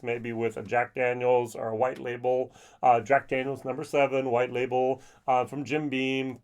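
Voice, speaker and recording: A chatty man talks through a whiskey review in a mid-range voice. His delivery is animated, and he slips into quick little voices when he acts out people he has met. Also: medium pitch. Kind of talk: casual video review.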